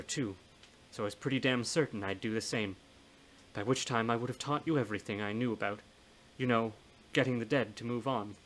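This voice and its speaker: A man's voice: mid-range voice, fairly bright tone, a little hiss or hum, natural voice. A man voicing a blunt, folksy older woman's ghost in a storybook reading, with a plain-spoken, scolding manner.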